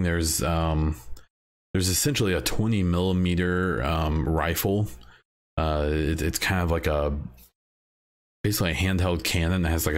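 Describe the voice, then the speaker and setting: Very deep-voiced rambling male podcaster. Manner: rambling, many "uh" fillers and restarts. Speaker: podcast host. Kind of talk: casual solo podcast talk.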